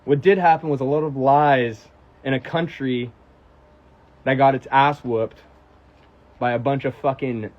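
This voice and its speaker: A young American man on a casual livestream, reading out fan questions and telling stories in a profane, animated way. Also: medium pitch, measured pace, pauses often, muffled recording. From United States. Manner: profane, animated storytelling, answering chat questions. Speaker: musician on a livestream.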